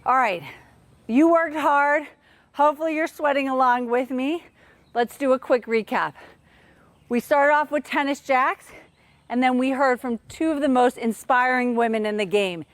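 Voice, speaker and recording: A woman's voice: sits high, normal speed, no room sound. A woman coaching kids through a live online tennis workout, upbeat and counting drills aloud, sometimes out of breath.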